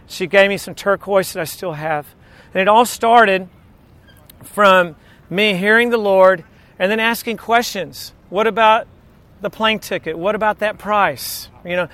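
High-voiced man preaching a sermon. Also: a bit bright, no room sound. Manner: storytelling, asks the audience questions.

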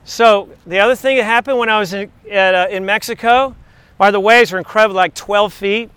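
A man in his fifties, a teacher giving a devotional message to his class, telling faith stories in an excitable, chatty, digressive way. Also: high voice, a little fast, clean tone, no echo. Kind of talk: rambling faith storytelling to a class.

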